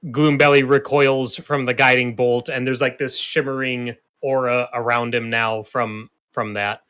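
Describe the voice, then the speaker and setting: A man running a tabletop game as game master, narrating monster attacks in a relaxed, easygoing way with frequent laughs. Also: medium pitch, unhurried, clean tone.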